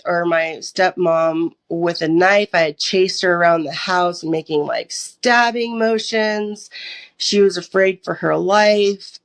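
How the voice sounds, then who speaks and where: A young woman from the United States sharing a personal testimony as an interview guest, acting out her own past dialogue as she tells it. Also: on the low side. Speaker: podcast guest.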